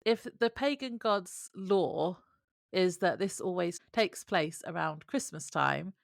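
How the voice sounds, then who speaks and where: Wry, low-voiced woman podcast co-host. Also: slow pace, vocal fry, no room sound, clean studio sound. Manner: wry, laughs often between remarks. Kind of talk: casual chat recapping a TV episode.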